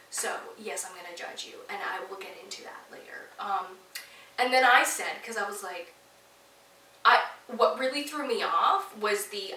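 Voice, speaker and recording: A young woman from Toronto hosting a podcast, telling a story in a sassy, animated, heavily profane way. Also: mid-range voice, roomy sound, distant mic, a little hiss or hum, rough recording. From Toronto, Canada. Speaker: podcast host. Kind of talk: casual storytelling monologue.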